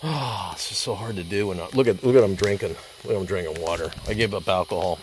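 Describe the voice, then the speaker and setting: A hunting vlogger films a night hunt outdoors on a handheld camera, rambling casually and profanely while talking to his dog and the animal. His voice is low and quick, with background noise and loud night insects.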